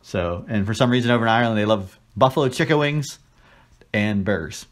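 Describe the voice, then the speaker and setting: A man's voice: on the low side, lively intonation, fairly quick. A man in casual chat as podcast co-host, telling a story with crude jokes and put-on voices.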